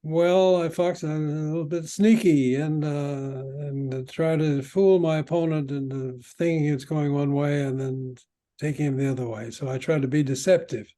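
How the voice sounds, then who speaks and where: An older man, a veteran player, telling rambling stories from the old days with halting restarts. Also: fairly high pitch, fairly even intonation, warm tone. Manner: halting, many restarts while recalling. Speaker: guest, veteran padel player. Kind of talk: rambling anecdotal storytelling.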